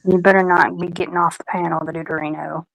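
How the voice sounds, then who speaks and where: A woman's voice: lowish voice, level tone, fast, creaky, fairly bright tone, highs cut off. A woman hosting a casual livestream chat, playful and stubborn, greeting viewers by name. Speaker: livestream host.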